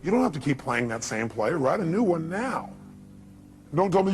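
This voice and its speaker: A man giving a motivational speech to an audience, firing rhetorical questions and swinging from loud bursts to low, intimate asides. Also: very animated, normal speed. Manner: emphatic, rhetorical questions to the crowd. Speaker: motivational speaker. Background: music bed.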